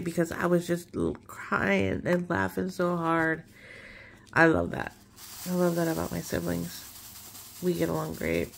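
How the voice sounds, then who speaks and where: A woman chatting casually while she crafts, relaxed and rambling with many fillers. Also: sits low, a little slow, creaky, long pauses. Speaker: craft vlogger.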